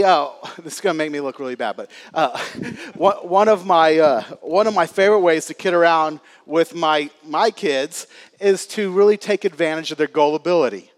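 A man in his thirties, a pastor giving a sermon in a church, talking casually with fillers and stories. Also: high-pitched. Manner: casual, chatty storytelling with laughs and fillers.

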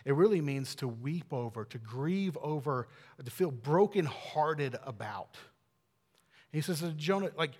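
A man preaching a sermon in an earnest way, dropping to hushed tones and then building to emphatic peaks. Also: a little high, expressive, measured pace. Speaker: pastor. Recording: long hall reverb.

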